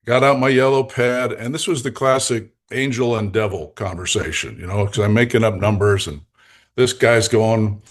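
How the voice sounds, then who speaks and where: Older guy coach on a podcast, lowish voice, tells stories with lots of chuckles. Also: normal speed. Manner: animated, jokey, laughs between lines. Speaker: guest, executive coach. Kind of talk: anecdotal storytelling in a podcast interview.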